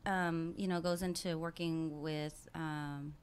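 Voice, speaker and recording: A woman's voice: low voice, steady tone, slow, clear, resonant tone. A woman co-hosting a radio show in casual chat, talking things through thoughtfully and laughing often, on a studio microphone. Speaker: radio co-host.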